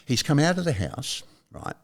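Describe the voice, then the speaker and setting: An older man with an Australian accent tells stories in a gravelly voice. His pitch rises and falls widely as he acts out what other people said in casual conversation. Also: moderate pace. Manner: animated storyteller who acts out other people's lines. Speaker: guest, saxophonist. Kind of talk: casual anecdotal chat.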